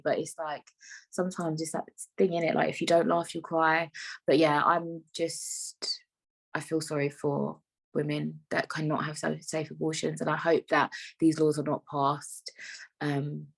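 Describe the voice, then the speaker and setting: A woman's voice: low voice, slightly rough. A young woman hosting her own podcast, talking frankly and rambling, with plenty of swearing. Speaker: podcast host. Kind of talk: casual solo podcast monologue.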